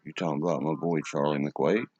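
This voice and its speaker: A man's voice: extremely low pitch, steady tone, brisk, a little mellow, no echo, highs cut off. A man with a West Virginia accent hosting a livestream, ranting profanely and answering chat. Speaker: livestream host. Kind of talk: casual livestream chat, reading the chat.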